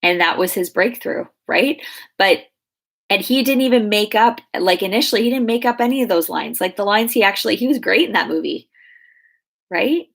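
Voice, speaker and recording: A woman's voice: mid-range voice, animated, moderate pace, creaky, fairly bright tone. Woman in her thirties, life coach answering client questions, chatty and loose, lots of "like" and "you know". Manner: chatty, many fillers and restarts. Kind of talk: casual Q&A coaching talk.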